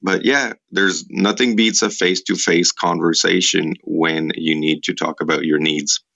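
A man's voice: low-pitched, fairly even intonation, unhurried, creaky, pushed and bright, muffled recording. A man with an Italian accent, an educator answering interview questions in earnest, step-by-step explanations. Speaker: educator in a vocational program.

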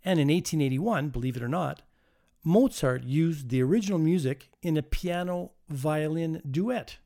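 A man's voice: on the high side, normal speed, gravelly, dark tone. A man hosting a community radio holiday show, chatting in a folksy way with light jokes. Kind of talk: casual radio chat.

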